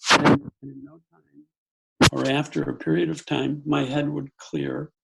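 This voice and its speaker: An older man from the United States, a psychologist and podcast guest, telling a personal story in a calm, earnest way with frequent self-corrections. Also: a little high, slow pace, vocal fry, noisy background. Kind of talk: reflective storytelling in an interview.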